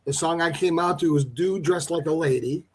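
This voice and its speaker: A male host with a notably high voice tells a comic story about himself. He talks in a playful, joking way and plays the story up for laughs. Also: moderate pace, a little hiss or hum. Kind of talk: casual storytelling.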